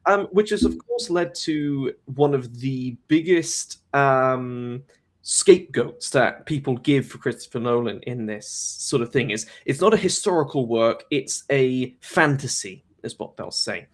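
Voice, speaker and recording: Measured man hosting a live discussion. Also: medium pitch. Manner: measured, opinionated, analytical. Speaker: host.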